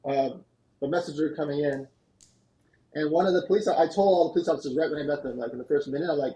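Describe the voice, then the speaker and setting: An animated man recounting a business story as a podcast guest. His voice sits a little high but stays mellow and warm. He rattles through events in quick bursts. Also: rough recording. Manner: animated, fast-moving anecdotes. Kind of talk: storytelling interview answer. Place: podcast studio.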